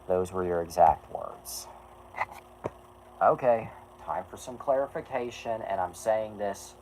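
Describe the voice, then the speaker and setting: A man's voice: fairly low pitch, lively intonation, takes it slowly, darkish tone, slight background noise, low-quality recording. Rambling, apologetic man on a stream. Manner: rambling, apologetic, swears, restarts sentences. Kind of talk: casual livestream chat.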